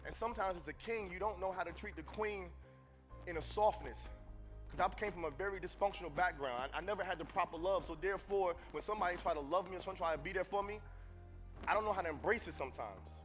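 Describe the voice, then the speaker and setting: A man giving a live motivational speech at a conference, preacherly, moving between hushed confession and loud calls to the audience. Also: high voice, quick pace, soft background music. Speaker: motivational speaker. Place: conference stage before an audience.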